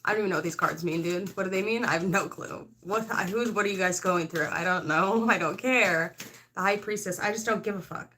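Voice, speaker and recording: A woman's voice: fairly low pitch, a little fast, bright, forceful tone, slight background noise. A woman doing a casual tarot reading to camera, rambling and frank, full of "like" and "I don't know", with laughs mixed in. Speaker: tarot reader.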